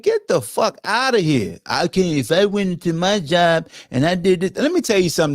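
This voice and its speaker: A man's voice: on the high side, creaky, dry recording, studio quality. A man hosting a sports podcast, ranting in a casual, profane, lecturing way. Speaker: podcast host. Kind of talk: casual sports commentary rant.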